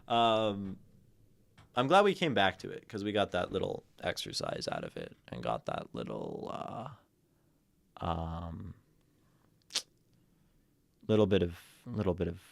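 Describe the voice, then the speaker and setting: A man's voice: low-pitched, vocal fry, no room sound. A man streaming casual talk about poetry, rambling and thinking aloud, with a self-amused edge.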